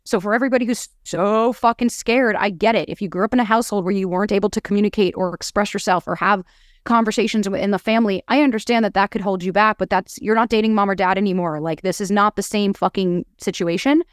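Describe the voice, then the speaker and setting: A woman's voice: mid-range voice, steady tone, fast, dry recording, studio quality. A young woman on a podcast, a dating coach telling her own story in candid, casual talk that is peppered with swearing.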